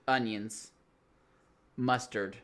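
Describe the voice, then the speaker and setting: A man co-hosting a casual podcast chat about a TV episode, relaxed and jokey. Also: lowish voice, drawn-out words. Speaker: podcast co-host.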